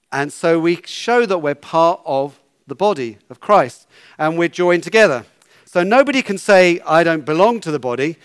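A man's voice: on the high side, no echo, clean studio sound. A man leading a children's talk in church, playful and coaxing, giving instructions.

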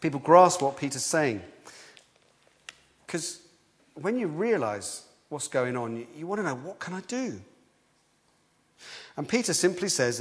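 A man preaching a sermon in a lively, conversational way, often restarting his sentences. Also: fairly high pitch, normal speed, pauses often. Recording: long hall reverb.

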